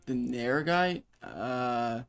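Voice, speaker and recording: A man's voice: mid-range voice, very slow, vocal fry, clear, resonant tone, faint music behind. A man streaming a video game, chatting casually and sarcastically with his viewers. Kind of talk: casual gaming stream chat.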